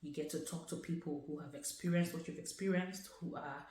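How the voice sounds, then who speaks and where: A woman's voice: low voice, steady tone, brisk, warm tone, reverberant, slight background noise, poor audio. A woman vlogger talking earnestly and conversationally about her own experience, with many casual fillers. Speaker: vlogger sharing a personal story. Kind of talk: casual personal talk to camera.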